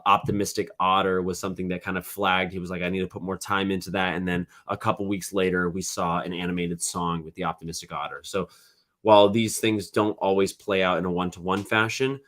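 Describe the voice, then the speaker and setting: A man's voice: low voice, a bit bright. A man hosting a podcast, talking casually on his own with frequent fillers and restarts. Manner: conversational, many fillers and restarts. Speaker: podcast host. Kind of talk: casual solo commentary.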